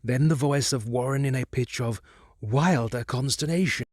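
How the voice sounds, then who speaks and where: A man narrating a horror audiobook in a measured, hushed, dramatic way. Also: medium pitch, no room sound, clean studio sound.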